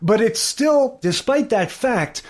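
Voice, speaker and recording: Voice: medium pitch, lively intonation, slow pace, darkish tone. A podcast co-host in casual chat about sitcoms, rambling with many fillers. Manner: rambling, lots of fillers like "kinda like".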